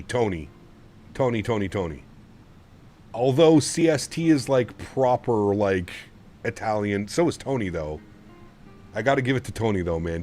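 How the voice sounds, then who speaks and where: A man's voice: medium pitch, a little mellow, slight background noise. A man streaming a flight simulator, chatting casually with his viewers in a rambling, easygoing way and laughing often. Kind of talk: casual livestream chat.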